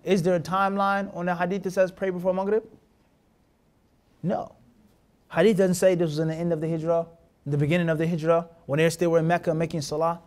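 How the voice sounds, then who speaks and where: Man, high voice, religious teacher, classroom lesson, frequent check questions, Arabic terms in English. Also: little pitch movement, a little fast, a little mellow. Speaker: Islamic teacher.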